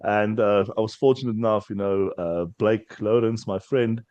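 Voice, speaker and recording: A man, a strongman athlete, telling an animated story on a podcast and laughing often. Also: fairly low pitch, moderate pace, no room sound, highs cut off. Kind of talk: casual podcast chat.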